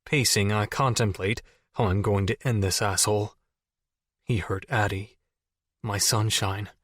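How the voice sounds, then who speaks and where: A man narrating a romance audiobook in the first person, low and gruff. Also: fairly even intonation, measured pace, dry recording, studio quality.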